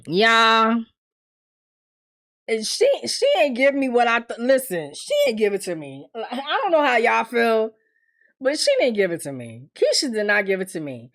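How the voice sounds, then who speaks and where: A woman giving a casual TV recap, telling the story in a candid, animated way and acting out the characters' lines. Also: fairly high pitch, moderate pace. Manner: candid, swears freely. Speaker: TV recap reviewer.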